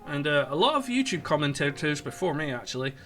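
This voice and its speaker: A man's voice: a little high, big pitch swings, fast talker, a bit bright. A man ranting sarcastically in an online commentary video, with stumbling restarts. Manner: sarcastic, mocking, rambling. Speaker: political commentator.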